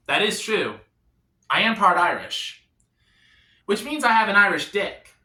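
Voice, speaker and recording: A man doing an awkward, self-deprecating stand-up comedy set, dropping to quiet punchlines. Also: high voice, big pitch swings, a little slow, long pauses, reverberant.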